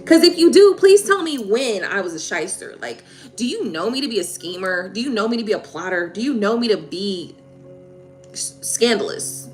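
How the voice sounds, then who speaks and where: A woman hosts a live tarot stream, her mid-range voice very animated at a moderate pace. She vents heatedly in casual talk, swearing and repeating herself, while soft music plays in the background.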